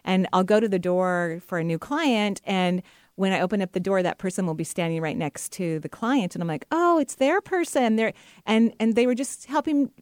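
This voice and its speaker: A middle-aged woman hosting a talk radio show as a psychic medium, chatty and enthusiastic and quick to laugh. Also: fairly low pitch, darkish tone, no room sound, studio quality.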